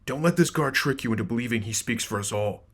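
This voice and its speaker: A man voicing a huge, scornful, dragon-like creature with a raspy, worn voice, speaking in a mocking, unhurried way. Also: medium pitch, close to an everyday voice.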